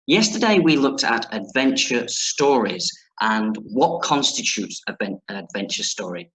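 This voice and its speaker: A man's voice: mid-range voice, a bit bright. A man teaching children in an online reading lesson, playful and jokey, then reading a story aloud with expression. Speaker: primary school teacher. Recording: echoey room.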